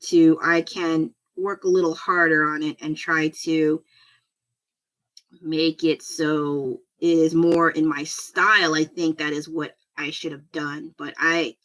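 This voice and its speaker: A woman's voice: deep voice, fairly bright tone. A middle-aged woman chatting casually while she draws on a livestream, rambling and self-deprecating, laughing often. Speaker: artist streaming a drawing session. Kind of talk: casual chat while drawing.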